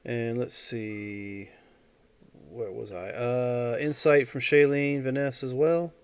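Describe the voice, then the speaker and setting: A man narrating as game master of a tabletop game, relaxed and hesitant with fillers. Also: medium pitch, slow, clean tone.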